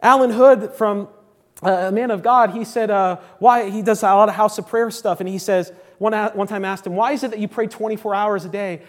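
A man preaching a sermon to a congregation in a church, emphatic, repeating key phrases and swinging between loud declarations and hushed asides. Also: sits high, steady tone, fairly quick.

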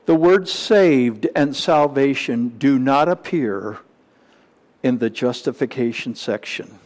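A man's voice: medium pitch, darkish tone. A man preaching a sermon, teaching from slides with emphatic repetition and rhetorical questions. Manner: slow, emphatic, with repeated phrases and rising questions.

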